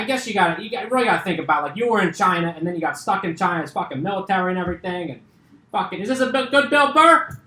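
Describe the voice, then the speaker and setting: A man's voice: sits high, sharp tone, voice pushed up. A man putting on an impression of a brash, swearing middle-aged male comedian in a rambling rant. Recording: roomy echo.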